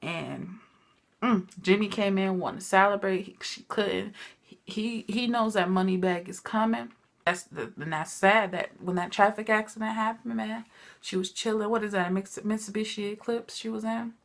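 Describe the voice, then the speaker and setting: Chatty woman with a gravelly edge. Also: mid-range voice, normal speed. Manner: chatty, animated storytelling, addresses viewers as y'all. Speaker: TV recap vlogger. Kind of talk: casual TV recap chat.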